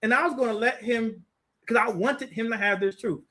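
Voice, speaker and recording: Bright, high-voiced man telling a lively story. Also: normal speed. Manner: animated, laughing, acts out quotes. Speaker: group teacher. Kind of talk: casual storytelling chat.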